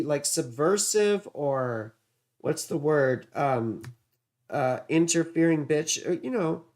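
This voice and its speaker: Male astrology streamer, gravelly, slightly high voice, meandering and profane. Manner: rambling, distracted, swears casually. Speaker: astrology livestream host. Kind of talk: casual livestream astrology reading.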